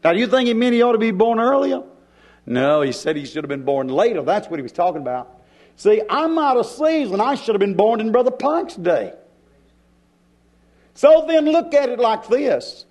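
A male preacher delivering a sermon in a church, with dramatic pauses and shifts in pace. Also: high voice, big pitch swings, a little mellow.

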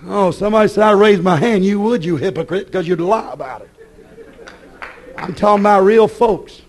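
A man preaching a sermon, folksy and scolding, swinging between shouts and low, hushed asides. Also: normal speed.

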